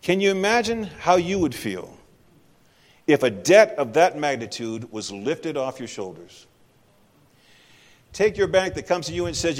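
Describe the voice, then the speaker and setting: A man preaching in a church, his fairly high voice rising and falling widely as he drives points home. He talks in a conversational, emphatic way and keeps putting questions to the congregation. A long reverb from the sanctuary hangs behind every phrase. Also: very animated, unhurried, long pauses. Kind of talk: sermon.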